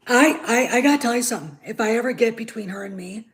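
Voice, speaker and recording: A woman hosting her own show, ranting in anger, swearing freely, stammering and repeating herself, dropping from shouts to muttered asides. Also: on the high side, fast talker. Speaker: show host. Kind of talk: angry ranting commentary.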